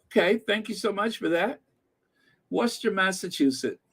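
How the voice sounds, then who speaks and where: Reading the live chat aloud, this middle-aged host from the American Midwest stays chatty, laughing often and dropping fillers throughout. His voice is high, expressive, husky and fairly bright, at a moderate pace.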